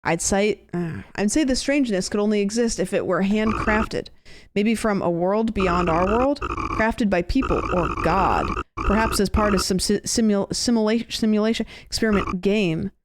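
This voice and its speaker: A woman's voice: mid-range voice, background noise, natural voice. A woman voicing a chatty Australian man who muses about conspiracy theories, tacking "mate" onto the ends of his sentences. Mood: musing. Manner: drawn-out, ends lines with "mate".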